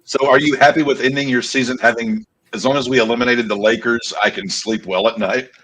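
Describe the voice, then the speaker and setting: A man co-hosting a sports podcast, relaxed, tossing in play-by-play updates between banter. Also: medium pitch, brisk, slight background noise, poor audio. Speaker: podcast co-host. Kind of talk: casual sports chat with play-by-play calls.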